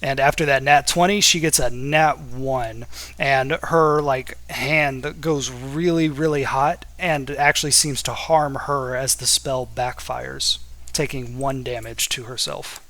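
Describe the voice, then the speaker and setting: Male game master, bright tone, casual rambling tabletop narration. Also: medium pitch, steady tone. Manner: casual, with filler words and quick asides.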